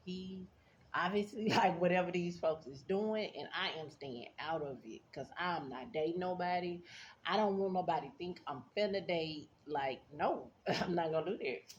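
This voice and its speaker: A woman's voice: lowish voice, normal speed. A woman telling a casual storytime to her viewers, blunt and sassy, laughing often as she talks. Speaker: vlogger. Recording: dull lo-fi sound with faint background noise.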